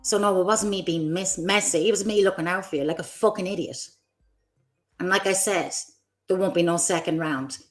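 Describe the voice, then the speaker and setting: A woman's voice: on the low side, normal speed, soft background music. Furious, swearing woman streamer. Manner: angry, profane, confrontational. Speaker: streamer host. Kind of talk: livestream rant.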